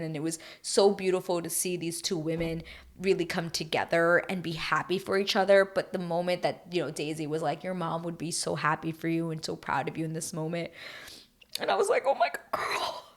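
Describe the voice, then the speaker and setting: Young female vlogger, slightly low voice, gushy and rambling as she recaps a show. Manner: chatty, gushing, filler-heavy with emotional asides. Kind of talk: casual reality TV recap.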